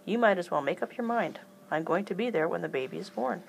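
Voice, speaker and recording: A woman's voice: fairly low pitch, animated, fast, vocal fry, slight background noise, rough recording. A woman voicing a tiny, determined elderly aunt who talks stubbornly and emphatically. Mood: insistent.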